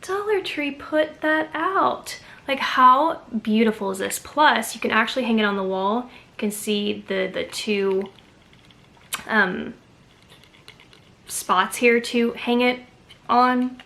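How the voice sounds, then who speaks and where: A woman's voice: a little high, slow, gravelly, pauses often, pushed and bright. Chatty woman showing off store finds. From Texas. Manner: chatty and enthusiastic, gushing over finds. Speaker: haul vlogger. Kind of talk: casual chat to camera.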